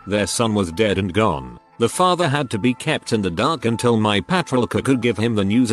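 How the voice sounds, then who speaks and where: A man slowly reading first-person stories aloud in a somber tone. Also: fairly low pitch. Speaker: narrator reading online posts. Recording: faint music behind.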